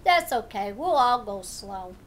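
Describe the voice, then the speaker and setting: A friendly, curious big fuzzy orange cat, as a woman reads it out from a children's storybook. The voice is pitched high above her usual talk, loud and eager, with lively swoops. It sounds chatty and welcoming. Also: measured pace, a little hiss or hum.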